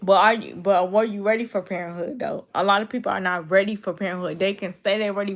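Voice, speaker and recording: A blunt YouTube streamer, a woman of about twenty, chats casually with viewers on a live stream. Her mid-range voice stays fairly even in intonation, and she talks fast with hardly any pauses. She repeats herself a lot and answers commenters directly.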